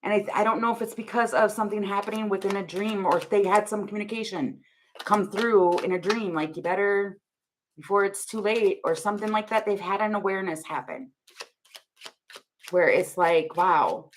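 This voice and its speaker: A woman's voice: medium pitch, a little fast, slight background noise. A young woman giving a casual tarot reading to camera, rambling and laughing often as she thinks aloud. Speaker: tarot reader.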